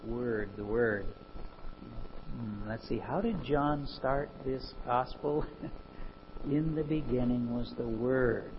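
A man preaching a sermon, animated and full of rhetorical questions. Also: mid-range voice, slow pace, dull audio, noisy background.

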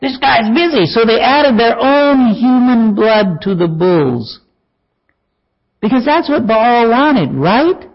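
Male preacher, sermon delivery, lively swooping pitch, wry chuckling asides, muffled lo-fi sound. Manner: animated, mocking asides with chuckles.

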